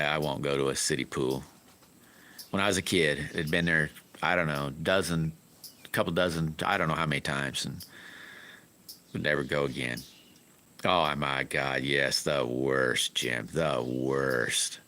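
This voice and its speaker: A middle-aged man rambles through folksy stories on his live stream, often chuckling. His voice sits very low in pitch. His tone is bright and sharp-edged. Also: fairly even intonation, normal speed, long pauses. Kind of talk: casual storytelling chat.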